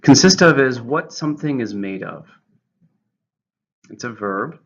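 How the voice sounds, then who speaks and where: A man's voice: mid-range voice, animated, measured pace. A man teaching English vocabulary, methodically giving syllables, stress and example sentences. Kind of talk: vocabulary lesson, reading definitions and examples. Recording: muffled lo-fi recording.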